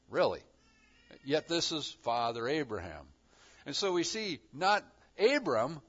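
A man preaching a sermon, acting out the voices of God and his listeners with lively emphasis. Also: on the high side, highs cut off.

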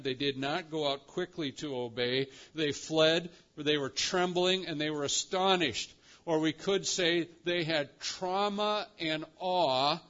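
Preacher, male, slightly high-pitched, dramatic delivery, dull lo-fi recording. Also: a bit bright. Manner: dramatic preaching, slows and rises for emphasis. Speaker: pastor. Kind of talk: sermon.

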